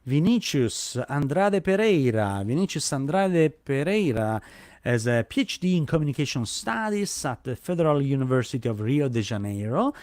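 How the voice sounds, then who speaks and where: A man's voice: mid-range voice, very animated, normal speed, a little mellow, no room sound, studio quality. A man hosting a live online event over a video call, speaking English as a with frequent fillers and restarts. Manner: hesitant, many fillers and restarts. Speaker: host.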